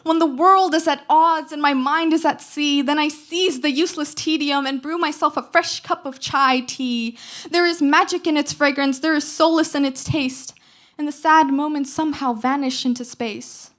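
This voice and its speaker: A teenage girl reciting spoken word poetry at a slam, with rhythmic, emphatic delivery and dramatic pauses. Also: high-pitched, steady tone, fairly bright tone. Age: teens. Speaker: slam poet.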